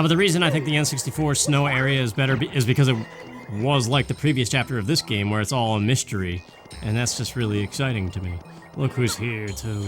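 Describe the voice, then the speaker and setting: A young man hosting a let's play, giving rambling, casual gameplay commentary and thinking aloud. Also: mid-range voice. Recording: game music behind.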